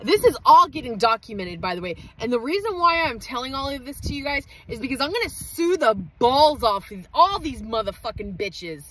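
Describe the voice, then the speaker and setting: A woman with a high, bright voice rants on a phone livestream from inside her parked truck. She is heated and profane, with her words spilling out in quick bursts. A faint hum of noise sits behind her. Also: expressive, rough recording. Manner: heated, profane, rapid outbursts. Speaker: mother livestreaming an update. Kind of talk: emotional livestream rant.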